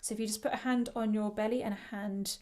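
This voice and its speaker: A woman's voice: mid-range voice, fairly even intonation, fast, a little mellow. Woman coaching choral breathing. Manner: encouraging, demonstrates breathing with shushing sounds. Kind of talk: online vocal workshop instruction.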